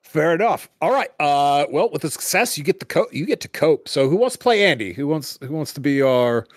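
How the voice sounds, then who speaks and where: A man's voice: on the high side, expressive, fairly quick, dry recording. A man running a tabletop game as game master, hesitant and full of fillers, laughing often.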